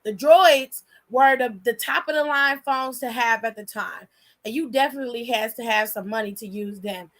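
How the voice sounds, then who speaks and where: Young woman spinning a story, blunt and cussing a lot, high bright voice, super animated. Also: moderate pace. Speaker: host. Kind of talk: casual storytelling.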